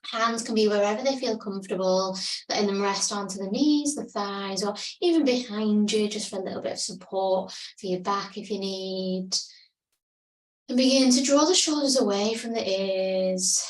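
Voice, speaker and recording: A woman leads a guided yoga session in a calm, soothing voice, taking her time over each cue. Her voice sits in the middle of the range for a woman. It comes from some distance off in an echoey room. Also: medium pitch. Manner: slow, calm, soothing cues. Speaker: yoga teacher.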